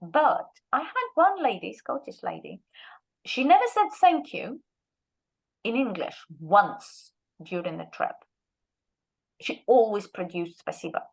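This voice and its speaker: Animated woman telling teaching stories. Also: a little high, slow, slightly rough, rough recording. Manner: lively storyteller who acts out quoted speech. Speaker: guest lecturer and Russian teacher. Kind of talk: anecdotal workshop talk.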